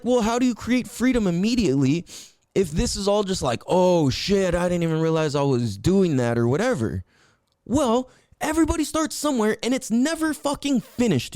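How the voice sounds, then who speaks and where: Male podcast host, young adult, high and lively voice; casual profane sermonizing, close dry mic. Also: no room sound. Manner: profane, animated and preachy, swings between loud highs and low drawn-out words. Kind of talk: casual monologue.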